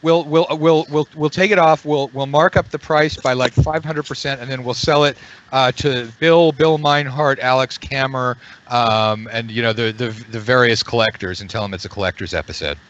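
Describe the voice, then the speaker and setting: A man runs a tabletop game over a call, rambling and tripping over repeated words. His voice sits in a middle pitch. The audio is dull and muffled. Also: steady tone, moderate pace, fairly bright tone. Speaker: game master. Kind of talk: running an online tabletop game.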